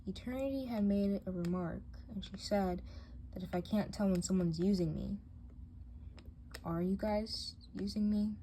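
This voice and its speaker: A woman's voice: medium pitch, moderate pace, dark tone, lightly acted. A woman voicing a hurt, hesitant teen girl in a doll drama who stammers and defends herself, faint hiss behind.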